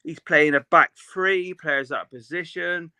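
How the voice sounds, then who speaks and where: A man's voice: a little high, unhurried, sharp tone, clean tone, dry recording. A man, co-hosting a casual football chat, opinionated and rambling with many restarts. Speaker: podcast co-host.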